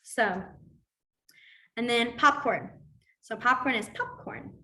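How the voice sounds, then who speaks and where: A woman's voice: on the high side, slow pace. Chatty woman teaching a sign class. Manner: chatty, filler-heavy, animated storytelling. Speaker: sign language instructor.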